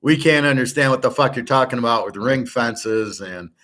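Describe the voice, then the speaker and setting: A man's voice: mid-range voice, normal speed, fairly bright tone. A man hosting his own channel, ranting bluntly and angrily with lots of swearing. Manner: angry, profane, blunt. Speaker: host of a sports betting and finance channel. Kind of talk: ranting monologue to camera.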